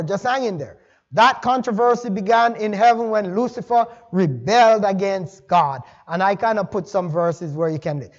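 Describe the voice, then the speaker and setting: High-voiced man preaching a folksy sermon. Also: normal speed, dull audio. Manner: conversational, folksy asides to the congregation. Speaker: pastor. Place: church sanctuary.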